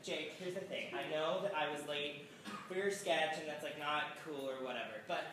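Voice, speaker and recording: Young male sketch actor, out of breath, high voice, far off in an echoey room. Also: a bit bright, slight background noise. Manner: rushed, apologetic. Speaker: sketch performer. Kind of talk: live sketch comedy. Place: small stage before a live audience.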